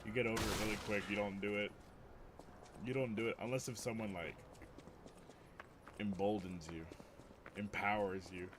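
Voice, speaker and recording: A man's voice: on the low side, fairly even intonation, normal speed, pauses often. A young man on a stream, telling stories in a loose, profane way, full of "like" and "dude". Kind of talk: casual storytelling chat. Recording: loud vehicle and ambient noise behind.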